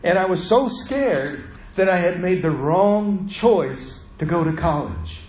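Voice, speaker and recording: A man's voice: high-pitched, lively intonation, slow, darkish tone, reverberant, poor audio. A middle-aged man preaching a sermon, telling a personal story in a conversational way and acting out the voices of the people in it.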